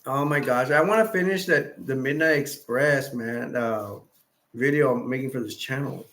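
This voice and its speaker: A man's voice: mid-range voice, moderate pace, fairly bright tone. A man hosting a casual livestream chat, rambling and restarting his phrases as he goes. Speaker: livestream host.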